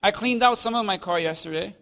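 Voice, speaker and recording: Male pastor preaching in church, really high bright voice, gets loud then drops quiet, jokes w the crowd. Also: a little fast, vocal fry. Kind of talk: sermon.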